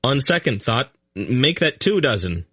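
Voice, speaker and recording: A man's voice: mid-range voice, very animated, unhurried, a bit bright, slightly rough, no room sound, clean studio sound, voice pushed up, full character voice. A man voicing a protective, impulsive young king who speaks firmly, in an audiobook reading. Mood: firm, anxious. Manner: firm, earnest. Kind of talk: audiobook character voice.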